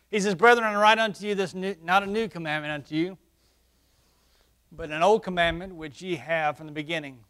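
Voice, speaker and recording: A man preaching a sermon through a face mask, surging into loud, emphatic peaks and then dropping to hushed, low passages. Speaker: pastor. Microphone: wearing a face mask while preaching.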